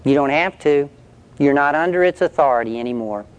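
A man's voice: fairly high pitch, brisk, clear, resonant tone. A male preacher telling an illustration story in a conversational sermon, then leading a prayer.

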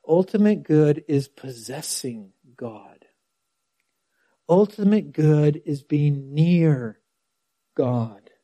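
A man's voice: medium pitch, warm tone, no room sound. A man preaching a sermon, reading scripture aloud and stressing key words, sometimes dropping almost to a whisper. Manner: dramatic quoting of scripture.

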